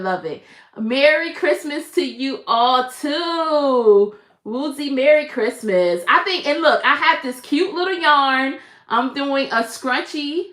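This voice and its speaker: Bright, high woman host for a casual crochet stream; chatty and greets viewers by name. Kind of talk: casual live-stream chat. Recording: echoey room.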